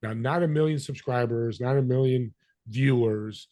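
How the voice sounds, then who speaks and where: A man guest on a podcast telling a story, acting out the voices of people in it with lively energy. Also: mid-range voice, moderate pace, no room sound. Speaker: podcast guest, business connector. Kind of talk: storytelling interview talk.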